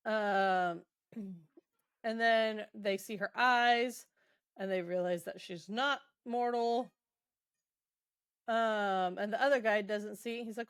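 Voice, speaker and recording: A woman at a middle pitch chatting through a book recap. She paraphrases dialogue loosely, drops in ums and quick laughs. The recording is dry and close. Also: steady tone, a bit bright, clear, resonant tone, no echo. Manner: retells scenes loosely with quick quoted asides, many ums, laughs. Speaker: podcast co-host.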